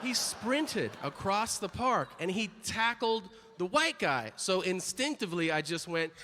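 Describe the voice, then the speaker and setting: Animated stand-up comic in a live hall. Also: male voice, measured pace. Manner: animated, jumps into high-pitched voices for quoted people. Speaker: stand-up comedian. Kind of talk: stand-up comedy routine. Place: comedy club stage. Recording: live in a reverberant hall with audience noise. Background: audience laughter.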